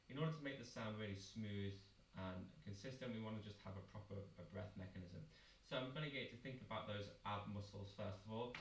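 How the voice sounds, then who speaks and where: Choir teacher, man, low voice, patient instructor, echoey room with the mic set back. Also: brisk, distant mic, a little hiss or hum. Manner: patient, step-by-step instructing with demonstrations. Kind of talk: vocal warm-up lesson.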